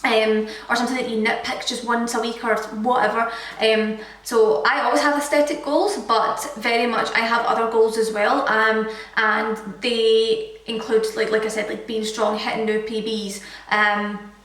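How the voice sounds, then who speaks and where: A woman's voice: on the high side, little pitch movement, normal speed, a bit bright, recorded from a distance. A young Scottish woman in her twenties, a fitness vlogger chatting casually through a Q&A with lots of filler words. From Scotland. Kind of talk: casual Q&A chat. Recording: echoey room, voice from the mic.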